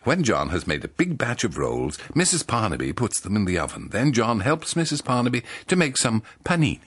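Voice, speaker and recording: Man reading a silly kids' story, deadpan and husky, pitch jumps all over. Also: fairly quick. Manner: deadpan, mock-innocent, wry asides. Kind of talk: comic children's-storybook reading.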